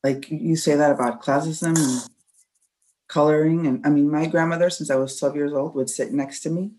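A woman's voice: low voice, fairly even intonation, moderate pace, dark tone, slight background noise, rough recording. Woman hosting a podcast, earnest, kinda emphatic, talks like a mom. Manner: earnest, emphatic, mother of children. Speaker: podcast host. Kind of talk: casual chat.

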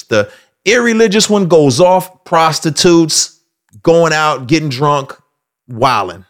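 Animated man telling a story. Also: fairly high pitch, slow pace. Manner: animated storytelling, slips into acted voices. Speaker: host. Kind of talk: casual faith commentary.

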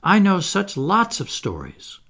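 A man with a husky, gravelly voice voicing an excitable, well-bred young girl in a storybook reading, all exclamations. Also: fairly high pitch, unhurried, pitched above the performer's own voice, full character voice. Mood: excited. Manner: breathless, exclaiming.

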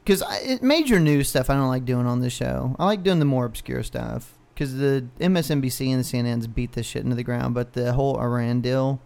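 A man's voice: mid-range voice, fairly quick, gravelly, few pauses, darkish tone. A man co-hosting a podcast, ranting in casual, profane chat. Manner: ranting, heavy swearing. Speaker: podcast co-host.

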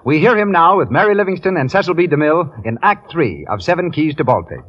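A male radio announcer giving formal, smooth scene-setting narration in a scripted broadcast. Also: a little high, very animated, fast, heavy background noise. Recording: muffled old radio broadcast with music.

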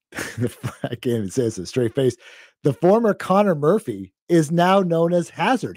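A man's voice: medium pitch, darkish tone, no room sound, clean studio sound. A man co-hosting a podcast, chatting casually through a wrestling recap with lots of fillers and the odd laugh. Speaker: podcast co-host.

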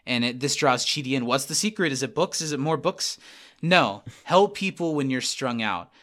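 A man's voice: mid-range voice, lively intonation, fairly bright tone. Chatty male podcast host recapping. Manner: chatty, retelling scenes with quick quoted voices. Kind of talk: casual episode recap. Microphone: remote call mic.

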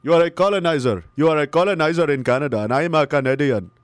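A man's voice: on the high side, fast, no room sound, close to an everyday voice. A man mimicking an indignant woman who accuses him of being a colonizer. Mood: accusing. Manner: accusing, mocked. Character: indignant woman claiming to be Canadian.

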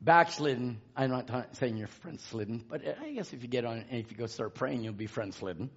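A man preaching a sermon in drawn-out emphatic phrases, rising to shouts and dropping to hushed asides. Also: medium pitch, husky. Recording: dull lo-fi sermon recording.

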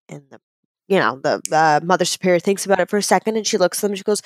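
A woman's voice: mid-range voice, fast talker, dry recording. A woman co-hosting a casual podcast, playfully telling a long joke. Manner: playful, animated storyteller. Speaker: podcast co-host.

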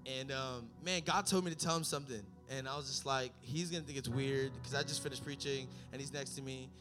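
A young man preaching a sermon, telling stories and building up to shouted climaxes. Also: medium pitch, fairly even intonation, a little fast, music in the background.

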